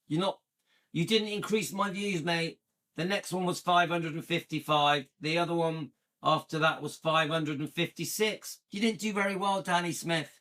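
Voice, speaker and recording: A man's voice: a little high, a bit bright. A man hosting his own channel, chatting casually and a bit annoyed as he counts views and reacts to a video, with many restarts. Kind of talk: casual commentary.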